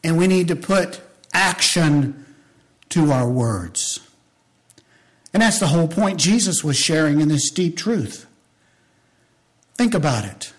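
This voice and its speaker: A man preaching a sermon to his church, impassioned, rising to loud appeals and dropping to hushed storytelling, with folksy asides to the congregation. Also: a little high, animated, takes it slowly, pauses often.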